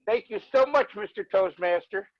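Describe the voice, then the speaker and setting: A man's voice: sits high, expressive, normal speed, no room sound, muffled recording. A man giving a report at an online speaking club meeting, greeting everyone formally and speaking directly. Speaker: meeting evaluator.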